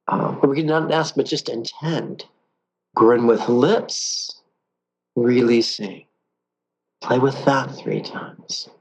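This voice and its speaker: Gravelly man teaching calm meditation. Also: medium pitch, poor audio. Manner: calm, playful, slows down for guided phrases.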